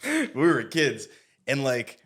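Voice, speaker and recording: A man co-hosting a podcast, telling relaxed stories in casual chat with laughs. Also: mid-range voice, slow pace. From Canada. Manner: laid-back storytelling with laughs. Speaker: podcast co-host.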